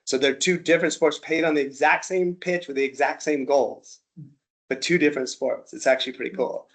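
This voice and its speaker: A man's voice: a little high, fairly even intonation, a little fast. A man from the United States presenting a casual slide-show talk, a chatty storyteller who acts out little dialogues. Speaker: presenter at an interest group talk.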